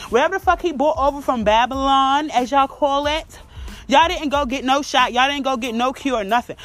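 Blunt, profane woman giving gossip commentary. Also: sits high. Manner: blunt, animated, swearing freely. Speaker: commentary host.

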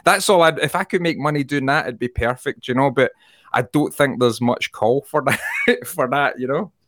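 A man's voice: medium pitch, lively intonation, normal speed, a bit bright, no echo, clean studio sound. A Scottish man in a casual chat over a video call, rambling, swearing freely and laughing often.

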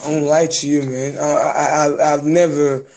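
A young man from Nigeria with a Nigerian accent, chatting casually on a podcast, often pausing and restarting his sentences. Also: on the high side, level tone, a little mellow. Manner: hesitant, many restarts and fillers. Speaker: podcast guest. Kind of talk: casual chat.

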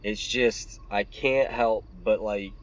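A man's voice: lowish voice, fairly even intonation, takes it slowly, highs cut off. A man co-hosting a podcast, talking bluntly and swearing freely in casual chat. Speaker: podcast co-host.

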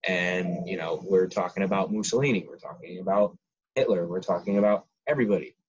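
Husky young man ranting, lo-fi. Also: deep voice, brisk, a little mellow. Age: around 20. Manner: heated, ranting, frequent restarts. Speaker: podcast co-host. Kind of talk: opinionated casual podcast chat. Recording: dull lo-fi sound.

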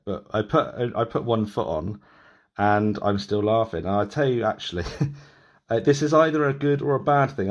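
A man in his thirties hosting a podcast, chatting loosely with many restarts and laughs. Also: fairly low pitch. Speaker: podcast host. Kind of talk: casual interview chat.

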